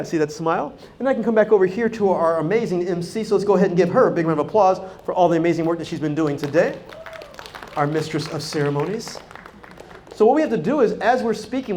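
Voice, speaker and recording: A man giving a live, energetic talk to a conference audience, acting out quoted dialogue and speaking straight to the crowd. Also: high-pitched. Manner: energetic, animated, acts out quoted dialogue, talks directly to the crowd. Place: conference hall.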